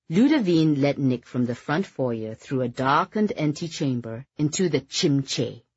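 Husky-voiced audiobook narrator, measured delivery. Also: mid-range voice, darkish tone, no echo, highs cut off.

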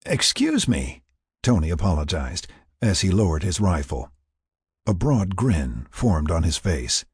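A man narrating an audiobook in an expressive storytelling way. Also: deep voice, unhurried, slightly rough, no room sound, studio quality.

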